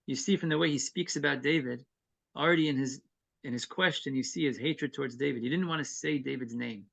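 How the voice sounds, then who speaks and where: Male scripture teacher with a bright, forceful tone who explains verse by verse. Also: medium pitch, fairly quick, vocal fry. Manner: reads Hebrew verses then explains them; earnest and explanatory, with brief chuckles. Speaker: Torah class teacher. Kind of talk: evening text-study class.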